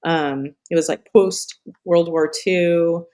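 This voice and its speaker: A woman's voice: fairly low pitch, steady tone, takes it slowly, mellow. A middle-aged woman hosting a live stream in casual chat, rambling off on tangents, swearing and laughing often.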